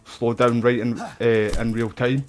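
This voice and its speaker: Swearing game streamer. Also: male voice, medium pitch, measured pace, background noise. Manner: profane, excitable banter. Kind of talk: casual gameplay commentary.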